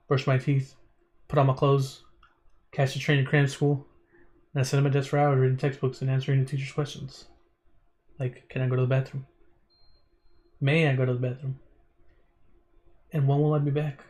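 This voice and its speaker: A man's voice: mid-range voice, a little mellow. A man streaming a visual novel, reading the text aloud in a casual way, stumbling over words and breaking off into chatty asides.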